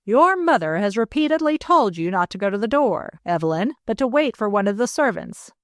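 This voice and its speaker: A woman's voice: medium pitch, very animated, brisk, dry recording, clean studio sound, lightly acted. A woman reading aloud, voicing a paranoid, malicious older stepfather who speaks testily and commands those around him. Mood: commanding. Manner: testy, commanding, secretive.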